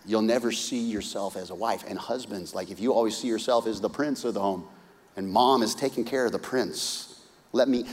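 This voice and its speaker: A man preaching a sermon, retelling a story with lively, humorous asides and acted-out voices. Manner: animated storytelling, acting out characters with big pitch swings. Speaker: pastor. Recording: hall reverb.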